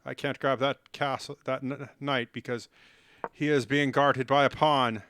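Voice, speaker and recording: A man's voice: medium pitch, flat delivery, measured pace, fairly bright tone, clear, resonant tone, dry recording. A man chatting on a live stream while playing chess, rambling and self-mocking and cracking silly jokes. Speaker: livestreamer.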